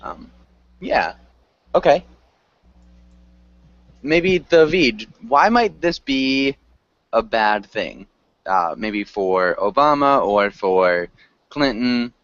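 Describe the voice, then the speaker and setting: A man's voice: medium pitch, lively intonation, extremely slow, pauses often, a bit bright, dry recording, dull audio. Patient male English teacher, dry sound. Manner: patient, corrects pronunciation, frequent ums. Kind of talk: online class.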